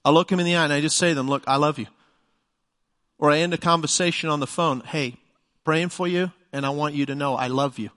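Middle-aged male pastor, slightly high voice, emphatic conversational sermon, long church-hall reverb. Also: fairly bright tone. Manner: emphatic, conversational preaching with rhetorical questions.

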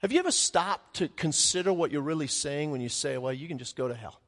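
A man with a fairly high voice preaches a sermon to his congregation. His delivery is animated, and he jumps into loud, high bursts and plays out quick asides. His voice rings with a long reverb, as if he were in a large hall. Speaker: pastor.

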